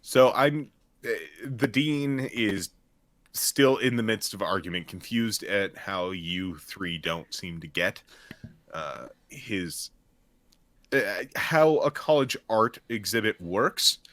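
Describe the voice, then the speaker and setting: A man narrating a tabletop game as game master, in a relaxed, loose way with fillers. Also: lowish voice, takes it slowly.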